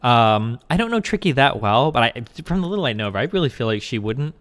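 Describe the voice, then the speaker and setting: Fast-talking blunt man. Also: mid-range voice, big pitch swings, fairly bright tone. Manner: fast, blunt, argumentative, profane. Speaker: streamer and co-host. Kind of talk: casual stream discussion.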